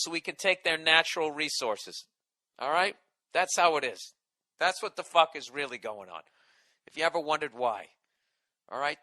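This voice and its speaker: A man tells a comic story in a profane, exasperated rant full of sarcasm. His voice is bright and forceful and sits a bit high, recorded dry and close. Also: no room sound. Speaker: comedian podcast host.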